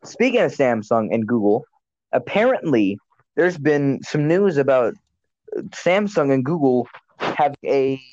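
A man's voice: medium pitch, big pitch swings, measured pace, darkish tone, dry recording. A man hosting a casual podcast chat, rambling and blunt, often correcting himself mid-sentence. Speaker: podcast host. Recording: dull lo-fi sound.

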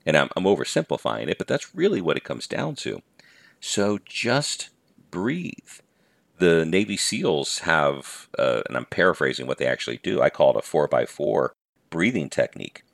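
A man's voice: extremely low pitch, very animated, moderate pace, gravelly, no room sound. A middle-aged man hosting a podcast, giving an earnest talk on patience in numbered points. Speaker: podcast host and teacher-coach.

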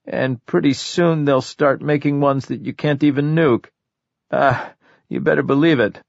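A paranoid, jittery middle-aged man, put on by a male narrator, whose voice jumps higher and louder as he snaps at his visitor. He sounds suspicious and exasperated, as in a storybook reading. The recording is dry and a little muffled. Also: measured pace, gravelly, no echo. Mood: conspiratorial. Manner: shouting, exasperated outbursts.

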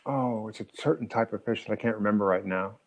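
A man's voice: fairly low pitch, quick pace, rough recording. A middle-aged man co-hosting a casual podcast chat, reflective and a bit hesitant as he tells his stories. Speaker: podcast co-host.

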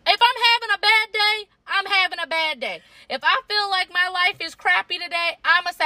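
Animated, bright-voiced woman chatting. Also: extremely high pitch, moderate pace, dry recording. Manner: teasing, blunt, animated. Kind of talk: casual chat.

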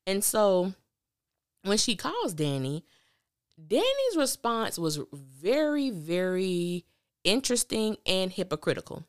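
A woman hosting a podcast, giving a casual and opinionated recap of a TV drama with lively, animated delivery. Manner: animated, opinionated, quick swings of pitch.

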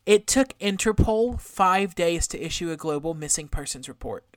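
Podcast co-host, woman, low voice, dry sound, casual true crime recap. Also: lively intonation, moderate pace, no echo. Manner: explains a case from notes, casual swearing.

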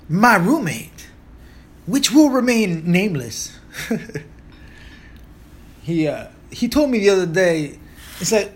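A man's voice: high-pitched, very animated, slow, pauses often. A man in his thirties from Puerto Rico, with a Puerto Rican accent, hosting a podcast as a rambling, joking, profane monologue. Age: 30s. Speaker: podcast host. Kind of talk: casual monologue.

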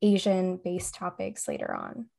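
A woman's voice: on the low side, huge pitch swings, measured pace, gravelly, mellow. A young woman co-hosting a podcast, chatting casually with enthusiasm and frequent laughter. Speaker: podcast co-host. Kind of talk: casual chat.

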